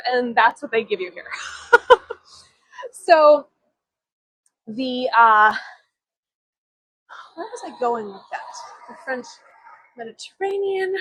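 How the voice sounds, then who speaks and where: A high-voiced woman from Chicago guides a live-streamed walking tour outdoors. She chats and giggles and drifts into storytelling asides. Her voice comes through a phone mic with dry, close sound. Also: fairly bright tone, no echo, rough recording. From Chicago, USA. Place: outdoors on city streets.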